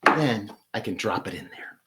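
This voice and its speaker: Lively, upbeat man teaching flower arranging. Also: fairly low pitch, normal speed, very noisy. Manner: upbeat, enthusiastic instructional talk. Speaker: florist host. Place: home flower studio, indoors.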